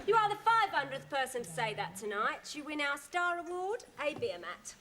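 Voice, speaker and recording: A chirpy, teasing barmaid. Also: female voice, high-pitched, very animated, normal speed, roomy sound, background noise.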